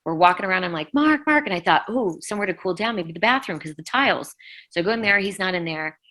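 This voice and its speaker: Middle-aged woman guest, low and bright-toned, halting emotional storytelling. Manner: emotional, halting retelling with many fillers. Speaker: interview guest, former band vocalist. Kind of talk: casual interview storytelling.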